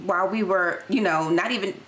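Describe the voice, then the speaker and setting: A woman's voice: medium pitch, brisk, noisy background. A woman co-hosting a podcast, telling a story bluntly in casual slang. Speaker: podcast co-host.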